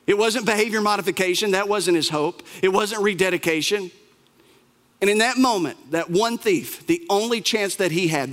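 A man's voice: sits high, a bit bright, in a large hall. A man preaching an impassioned sermon, telling a story dramatically in a church sanctuary.

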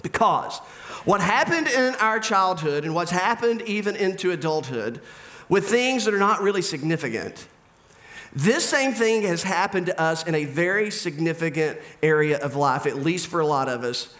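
A man's voice: sits high, animated, moderate pace, fairly bright tone. A middle-aged man preaching a sermon in a conversational, humorous way. He acts out back-and-forth dialogue as he talks. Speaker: pastor.

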